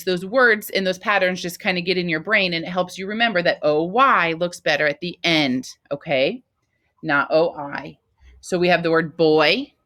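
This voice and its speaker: A woman's voice: on the low side, a bit bright. Patient woman teaching first-grade phonics. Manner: slow, patient, sing-song teacher talk. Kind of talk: phonics lesson for young children.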